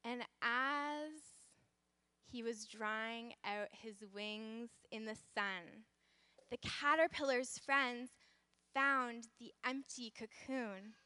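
A woman leading a children's lesson, telling a story in an animated, exclamatory, encouraging way. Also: a little high, drawn-out words, smooth, no room sound. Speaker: children's teacher.

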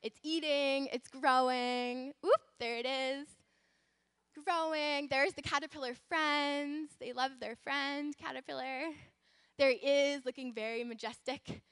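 Woman children's teacher, lively storyteller, high bright voice, dry sound. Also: a little slow, no room sound. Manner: animated, exclamatory, encouraging.

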